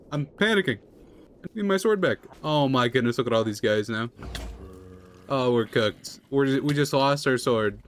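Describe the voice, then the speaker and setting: A young man giving casual running commentary while playing a video game, chatty and quick to shout in panic during fights. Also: slight background noise. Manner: chatty, excitable, jumps into high-pitched panic during fights. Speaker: gaming video creator. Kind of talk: live gameplay commentary.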